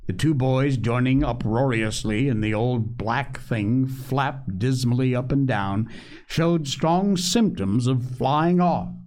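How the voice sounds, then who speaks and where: A man's voice: mid-range voice, slow, a little mellow. A male host who reads a children's storybook aloud and closes the show with a friendly, folksy, easygoing sign-off.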